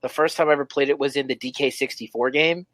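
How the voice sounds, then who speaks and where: A man hosting a podcast, chatting casually, excitable and swearing as he laughs along. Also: mid-range voice, fast, no room sound.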